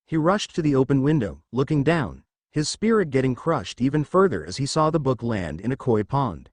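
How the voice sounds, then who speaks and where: A man reading fan fiction aloud in a lively, expressive storytelling voice. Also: mid-range voice, normal speed, hardly any pauses, no room sound. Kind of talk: storytelling narration with character voices.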